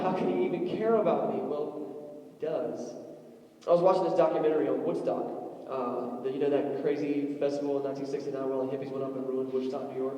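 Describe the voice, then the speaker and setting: A young man delivers a lively sermon, jumping into quoted voices and jokes as he tells stories. His voice sits high but sounds mellow and dark, and it booms around a large reverberant hall. He is picked up from a distance, so the sound is roomy and far off. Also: dull audio. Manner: animated storytelling with acted-out quotes and jokes. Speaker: pastor. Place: church sanctuary.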